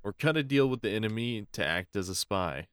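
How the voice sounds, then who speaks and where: A man's voice: lowish voice, animated, fairly quick, fairly bright tone, smooth, dry recording, studio quality. A man co-hosting a casual podcast, laid-back and swearing casually as he answers quiz questions. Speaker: podcast co-host. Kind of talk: casual chat.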